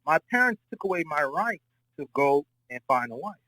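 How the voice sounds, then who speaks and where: Calling into a debate, a married Floridian man rambles through a lengthy personal story full of profanity. He speaks at normal speed in a fairly high, sharp voice with big pitch swings, on a rough recording without echo.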